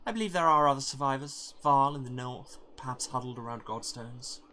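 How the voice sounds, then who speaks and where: A man voicing a young woman leader in a raised, soft voice, speaking slowly and earnestly. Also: medium pitch, a little hiss or hum, voice pushed up, lightly acted.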